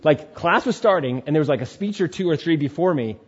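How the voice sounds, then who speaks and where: A man with a slightly high voice tells his testimony in an animated, storytelling way, jumping up in pitch when he acts out a scene. The recording sounds muffled and lo-fi. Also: a little fast, husky. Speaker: speaker sharing testimony. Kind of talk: testimony sermon.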